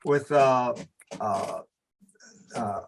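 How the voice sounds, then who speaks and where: A man's voice: mid-range voice, extremely slow, gravelly. A man in casual podcast conversation who speaks hesitantly, with many fillers and "you know"s.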